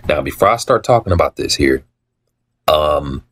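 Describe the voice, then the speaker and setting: A man telling his story in a casual monologue, repeating himself for emphasis, acting out quoted dialogue and often clearing his throat. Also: a bass voice, big pitch swings, takes it slowly, fairly bright tone.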